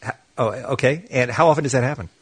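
A man's voice: medium pitch, quick pace, breathy edge, no echo. A man co-hosting a radio show who asks probing, wry questions.

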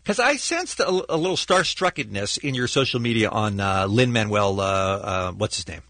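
A man's voice: lowish voice, animated, moderate pace, a bit bright, dry recording. A man interviewer asking chatty, prompting questions. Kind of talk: casual interview chat.

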